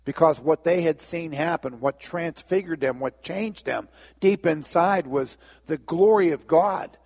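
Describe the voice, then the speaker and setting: A man preaching a sermon as pastor, telling a story and acting out the characters' lines in lively voices. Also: fairly high pitch, measured pace, long reverb tail. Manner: storytelling, acts out biblical dialogue with lively voices.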